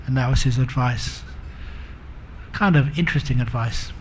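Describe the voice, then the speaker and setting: A man's voice: medium pitch, normal speed, pauses often, a little hiss or hum. A man giving a Buddhist dharma talk, telling humorous stories and chuckling at his own jokes. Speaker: Buddhist monk teacher.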